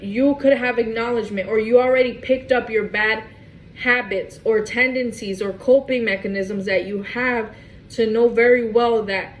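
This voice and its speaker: A woman's voice: mid-range voice, a little hiss or hum, low-quality recording. A woman doing a casual tarot reading to camera, emphatic and repetitive, often restarting her phrases. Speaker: tarot reader.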